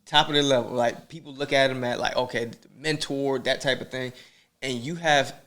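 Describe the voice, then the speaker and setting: A man's voice: medium pitch, moderate pace. A man hosting a podcast, talking in a casual, slangy way and giving advice straight to his listeners. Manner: animated, preachy, slangy, addresses listeners directly. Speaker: podcast host. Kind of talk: motivational casual chat.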